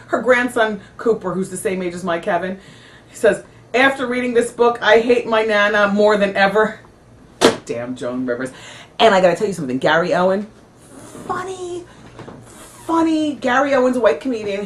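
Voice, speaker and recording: A middle-aged woman hosting a talk show, chatting candidly and rambling, her talk full of "you know" and "like". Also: medium pitch. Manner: candid, dramatic storytelling. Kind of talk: casual after-show chat.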